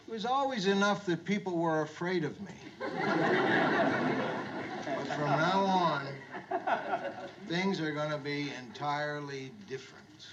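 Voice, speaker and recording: An actor playing a gruff middle-aged bar owner who awkwardly tries to be jovial, in a 1970s sitcom. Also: male voice, fairly high pitch, lo-fi sound. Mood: earnest. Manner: loud, awkwardly jovial greeter. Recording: noisy old TV soundtrack. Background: sitcom laugh track.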